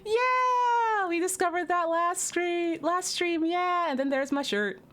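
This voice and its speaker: A woman's voice: extremely high pitch, unhurried, a bit bright. A young woman hosting a casual game live stream, bubbly, jokey and giggly. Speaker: streamer, host.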